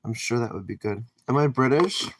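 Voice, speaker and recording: Speaking briskly in a mid-range, fairly bright voice, a Canadian man livestreams from his home kitchen as he cooks. He reads out viewer comments and rambles casually in reply, with a little hiss or hum on the audio.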